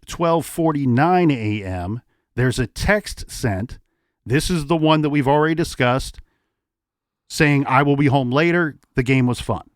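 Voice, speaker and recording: A man with a fairly high voice hosts a true crime podcast. He walks through a case timeline in measured, deliberate steps. He is recorded close on a studio mic in a dry room. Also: no room sound. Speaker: podcast co-host.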